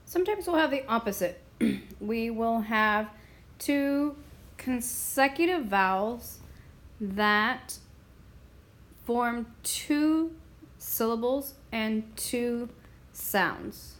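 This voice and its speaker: A Spanish teacher with a fairly high-pitched voice walks through a grammar lesson slowly and deliberately. She pauses now and then to clear her throat.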